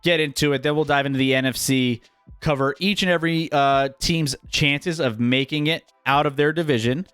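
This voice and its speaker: A man hosting a live sports betting stream, talking in a relaxed, rambling way with loose filler words. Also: a little high, moderate pace, clean tone, dry recording, clean studio sound, soft background music. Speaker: sports betting show host.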